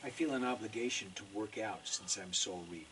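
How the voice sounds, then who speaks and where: A man's voice: lowish voice, a little fast, distant mic, heavy background noise. A man in his sixties, a voice actor in a making-of interview, telling anecdotes animatedly and acting out the lines he quotes. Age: 60s. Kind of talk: casual interview storytelling.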